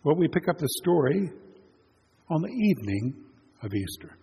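Retelling a scripture story during his sermon, this male pastor keeps it plain and conversational, like storytelling. His voice is on the high side, sing-song, warm, and husky at a moderate pace, recorded in a church sanctuary with long reverb and faint noise.

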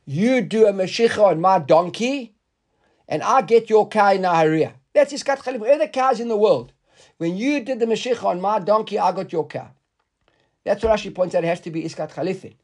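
A man's voice: high voice, expressive, normal speed, darkish tone. A man teaching a Talmud class in a conversational way, often repeating words and asking the students questions.

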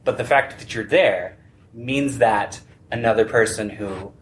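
A man's voice: on the low side, unhurried, a little hiss or hum. A man moderating a convention panel, talking earnestly and with animation, laughing easily.

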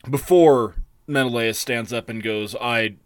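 A male podcast co-host who retells an old epic with casual, crude jokes and an irreverent tone. His voice sits at a middling pitch. The recording is dry and close, with no room sound. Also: moderate pace, no echo. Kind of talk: casual chat.

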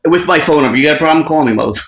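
A man chatting casually, joking loudly and crudely, often laughing at his own ideas. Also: a little high, lively intonation, rapid-fire, reverberant. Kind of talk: casual chat.

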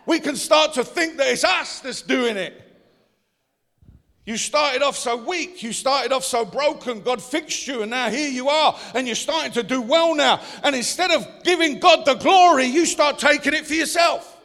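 A pastor preaching a sermon, building up to shouts and asking the congregation questions. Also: male voice, extremely high pitch, moderate pace. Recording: long hall reverb.

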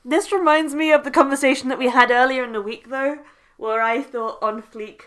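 A woman with a bright, fairly high voice in relaxed conversation with a co-host. She tells lively stories and laughs often. She sounds playful and at ease. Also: normal speed, slight background noise. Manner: animated, laughing storyteller. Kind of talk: casual chat.

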